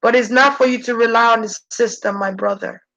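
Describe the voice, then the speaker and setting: A woman's voice: steady tone, fairly quick, fairly bright tone, lo-fi sound. A woman speaking as a channeler in an intense, preachy spirit-channeling monologue. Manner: intense, preachy, shifting pitch.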